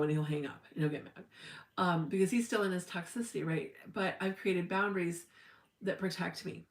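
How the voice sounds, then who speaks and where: A woman's voice: medium pitch, a little fast, reverberant. A middle-aged woman hosting a casual spiritual livestream, talking in a chatty, emphatic way and acting out the people she quotes. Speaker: spiritual teacher, livestream host.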